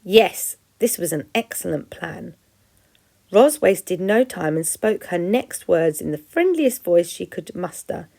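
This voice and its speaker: A teacher from England reading a children's story aloud with expression. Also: female voice, lowish voice, lively intonation, unhurried, vocal fry, warm tone.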